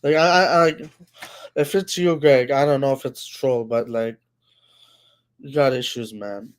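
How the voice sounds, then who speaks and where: Hosting a laid-back livestream, a man replies to his chat unhurriedly, stretching out his words, with fairly even intonation and a medium pitch. His speech is heavy with fillers and restarts, and trolls get repeated scoldings from him. He seems to be on a home streaming mic.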